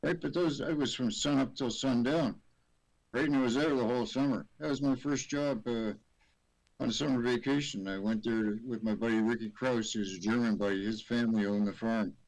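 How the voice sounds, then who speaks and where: A middle-aged man from Canada talks in a relaxed, easygoing way, swearing offhandedly. His pitch sits in the ordinary male middle. He mostly answers with short agreeing replies. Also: brisk, poor audio. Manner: laid-back, profane, brief agreeing replies. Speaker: podcast co-host. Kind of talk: casual chat.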